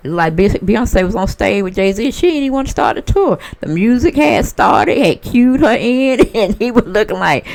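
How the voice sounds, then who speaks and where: Sassy gravelly-voiced woman gossiping. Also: medium pitch, normal speed, hardly any pauses. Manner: sassy, animated storyteller who acts out other people's voices. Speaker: celebrity gossip commentator. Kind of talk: casual gossip monologue.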